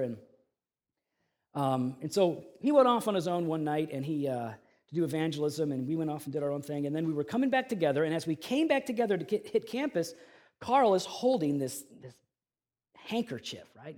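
A middle-aged male pastor preaching a sermon, telling a story in a relaxed conversational way with fillers. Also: fairly high pitch.

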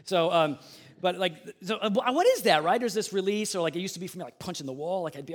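A man preaching a sermon in a conversational way, moving between loud emphasis and quiet asides. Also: high-pitched, expressive, fast. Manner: plays out the grumbling people in a raised voice. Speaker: pastor.

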